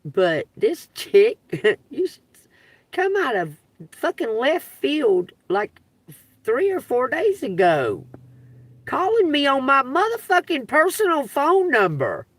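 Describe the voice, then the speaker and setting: A woman streaming live from her phone, telling a story in an animated, emphatic and profane way. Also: high-pitched, takes it slowly, dry recording. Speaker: livestreaming tarot reader. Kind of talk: casual livestream storytelling.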